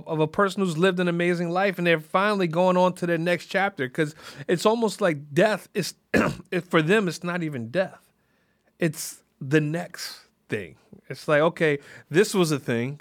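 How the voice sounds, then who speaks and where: A man's voice: fairly high pitch, fairly bright tone, no room sound, clean studio sound. A man hosting a podcast who rambles through a casual, reflective monologue, often restarting his sentences. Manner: rambling, full of "you know" and restarts. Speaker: podcast host.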